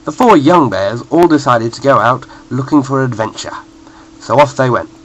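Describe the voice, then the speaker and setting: A man reading a children's bedtime story in a playful, expressive way. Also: medium pitch, normal speed, poor audio.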